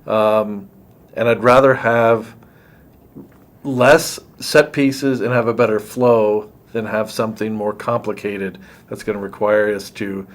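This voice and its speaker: Relaxed man hosting a theatre chat. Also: on the low side, slow. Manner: relaxed, conversational, joking asides. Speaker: interviewer, theatre reviewer. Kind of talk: casual interview chat.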